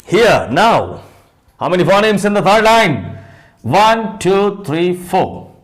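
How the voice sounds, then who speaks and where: A man's voice: high voice, very animated, slow pace. A man with an Indian English accent teaching a phonetics lesson, spelling words letter by letter, counting sounds aloud and asking and answering his own questions.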